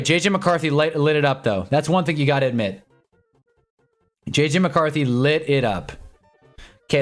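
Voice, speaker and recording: A young man hosting a casual live sports watch-along stream, reacting loudly to plays and then mumbling to himself. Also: fairly high pitch. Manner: excitable, swings from mumbling to shouting at plays.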